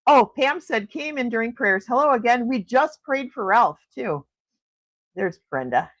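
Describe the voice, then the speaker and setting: A middle-aged woman chatting warmly on a morning livestream, her voice swooping up and down with lively enthusiasm. She gushes and laughs as she reads out viewers' comments. The sound is close and dry, with no room around it. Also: fairly high pitch, unhurried, no echo. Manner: gushing, animated, laughs often. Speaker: livestream host. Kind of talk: casual chat reading viewer comments.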